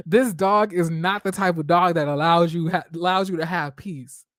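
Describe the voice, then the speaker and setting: A man hosting a casual live stream from home, telling stories in a dramatic, expressive way, swearing freely and laughing often. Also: high voice, moderate pace, dry recording, clean studio sound.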